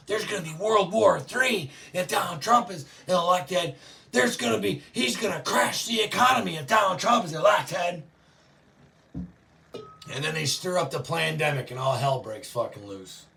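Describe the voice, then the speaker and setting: Ranting man, gravelly voice, fairly high pitch, profane and loud, distant from the mic. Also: expressive, moderate pace. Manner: profane, ranting, frequently yelling. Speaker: show host. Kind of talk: political rant to live chat.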